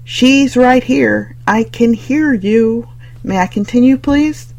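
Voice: medium pitch, animated, creaky. The audiobook reader voicing a bossy young woman who lectures her friends with a dry, commanding manner. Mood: stern. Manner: lecturing, brisk storytelling.

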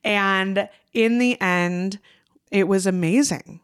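Heartfelt woman host, smooth clear voice. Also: medium pitch, slow pace. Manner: heartfelt, swears freely, near tears. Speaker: podcast host. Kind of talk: casual podcast chat.

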